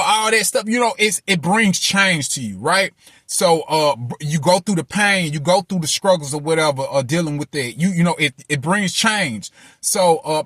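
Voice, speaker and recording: A man giving a heartfelt motivational monologue, repeating himself and tossing in "man" and "you know what I'm saying" as he turns loud and preachy. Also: high-pitched, dry recording, studio quality. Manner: grows loud and impassioned, preaching. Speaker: motivational speaker.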